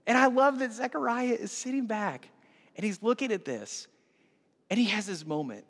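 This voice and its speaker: A man preaching a sermon as pastor, telling the story with lively, animated acting-out of scenes. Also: high-pitched, moderate pace, in a large hall.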